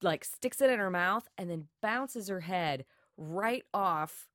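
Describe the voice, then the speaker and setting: Woman, very lively pitch, casual movie chat, exclamatory, dry close sound. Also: slow, dry recording. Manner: animated, exclamatory reactions. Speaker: podcast co-host.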